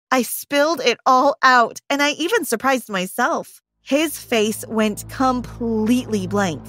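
A woman's voice: fairly high pitch, a little slow, a bit bright, dry recording. A woman reading a first-person story in a dramatic, emotional narration style.

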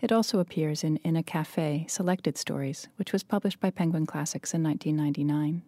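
Mellow-voiced woman hosting a podcast. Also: low voice, fairly quick, slight background noise. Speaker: podcast host, fiction editor. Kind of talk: scripted podcast outro.

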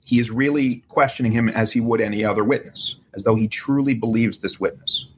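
Measured man explaining legal procedure. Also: mid-range voice, a little hiss or hum. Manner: measured, explanatory, quotes court transcripts. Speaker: legal expert guest. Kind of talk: podcast interview analysis.

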